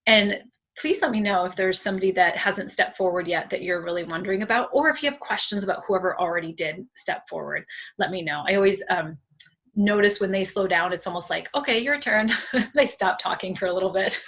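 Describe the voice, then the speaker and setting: Gentle chatty woman medium, lo-fi. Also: medium pitch. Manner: gentle, chatty, many fillers and thank-yous, soft laughs. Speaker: medium giving a group reading. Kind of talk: spiritual reading, conversational.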